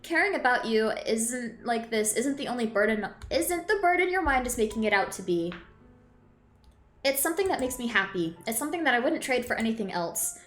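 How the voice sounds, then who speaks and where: A woman's voice: fairly high pitch, animated, fairly quick, fairly bright tone, reverberant, soft background music. A woman reading as an earnest teenage boy hero.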